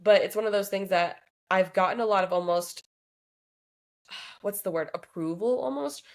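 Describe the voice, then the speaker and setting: A woman's voice: mid-range voice, moderate pace. A young adult woman co-hosting a relationship podcast, chatting casually and thinking aloud with lots of fillers. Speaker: podcast co-host. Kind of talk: casual chat.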